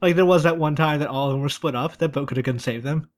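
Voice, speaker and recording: A man's voice: on the high side, quick pace. A man co-hosting a casual chat, recapping loosely and joking with his friends. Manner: relaxed, joking, loose storytelling. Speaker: podcast co-host.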